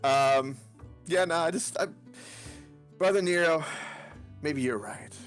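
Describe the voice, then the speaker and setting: A man's voice: a little high, takes it slowly, soft background music. A man playing in a tabletop game, rambling as he describes his character's actions and laughing often. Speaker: player.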